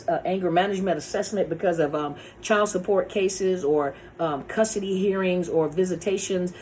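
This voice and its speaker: A woman's voice: lowish voice, a little mellow, a little hiss or hum. A woman counselor talking casually about narcissist abuse, often repeating and restarting her words. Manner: conversational, repeats words and restarts, acts out quoted lines. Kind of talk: casual talk to camera.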